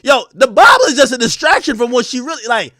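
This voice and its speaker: A man holds a profane live-stream rant for his chat, his voice sitting very high and leaping up and down in pitch. He talks crudely and breaks into shouting at times. The sound is close and dry, with no room around it. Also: fast, dry recording. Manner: animated, crude, bursts into shouting.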